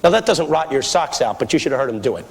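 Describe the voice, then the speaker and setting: A man with a Philadelphia accent preaching a comic, storytelling sermon, shouting refrains to the crowd. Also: medium pitch, quick pace, gravelly. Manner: animated, shouting refrains, audience laughter. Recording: echoey hall with faint noise.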